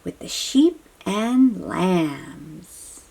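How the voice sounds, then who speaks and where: Slow breathy woman reading to kids. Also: fairly low pitch, expressive. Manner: gentle, often dropping to a soft whisper; talks to young listeners, asking questions. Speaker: children's book reader. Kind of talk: reading a picture book aloud.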